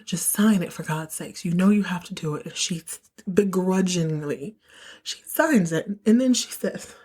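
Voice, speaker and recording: A woman hosting a podcast, casually recapping a soap opera episode and acting out the characters' lines with animated, emotional storytelling. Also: mid-range voice.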